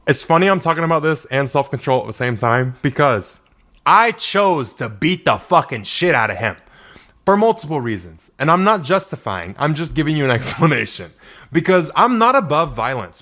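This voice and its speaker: Blunt, profane podcast man, higher voice. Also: sing-song, moderate pace, pushed and bright. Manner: blunt, profane, laughs often at his own jokes. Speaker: podcast host. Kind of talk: solo podcast monologue. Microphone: podcast mic.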